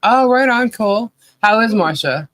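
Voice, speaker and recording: A woman co-hosting a livestream podcast. Her voice is hoarse, and she chats casually and laughs often as she greets viewers. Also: a little high, expressive, unhurried, a bit bright, no echo. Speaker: podcast co-host.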